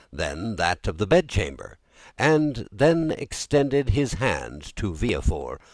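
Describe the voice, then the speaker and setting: Deep-voiced expressive male narrator. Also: dry recording. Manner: expressive, theatrical reading. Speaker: audiobook narrator. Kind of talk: audiobook narration.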